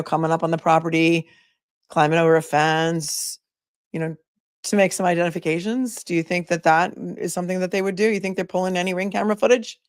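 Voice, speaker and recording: A woman's voice: on the low side, no room sound, clean studio sound. A woman attorney hosting a casual livestream, chatting with viewers and thinking aloud with many asides. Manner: reads viewer messages aloud. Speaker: attorney and commentator.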